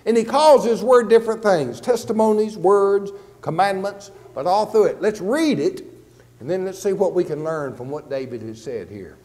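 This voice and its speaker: A man preaching a conversational sermon, teaching on a Bible passage and slowing down to read scripture aloud. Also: high-pitched, expressive, a little mellow, big-room sound. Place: church sanctuary.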